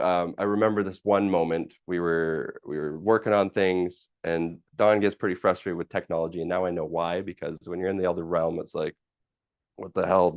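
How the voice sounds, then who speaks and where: Low-voiced guy rambling through a story on his livestream, lots of fillers and swearing, dull dry audio. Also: dry recording. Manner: rambling, with many fillers, restarts and casual swearing. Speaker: live stream host. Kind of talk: casual personal storytelling.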